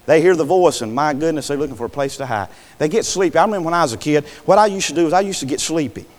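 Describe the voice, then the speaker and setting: A man's voice: a little high, very fast. A man preaching a sermon in a folksy way, calling out "Amen" and throwing rhetorical questions at the congregation. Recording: long hall reverb.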